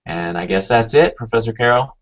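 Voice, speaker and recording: A man's voice: medium pitch, brisk. A man hosting a casual online chat, easygoing and hesitant with many fillers. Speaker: show host. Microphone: video call. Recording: dull lo-fi video call audio.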